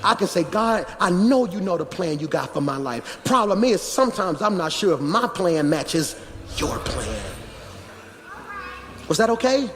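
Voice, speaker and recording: High-voiced preacher man in a reverberant hall. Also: sing-song, unhurried. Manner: conversational preaching that builds to shouting. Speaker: pastor. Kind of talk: sermon. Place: large church hall. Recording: church hall reverb with music behind.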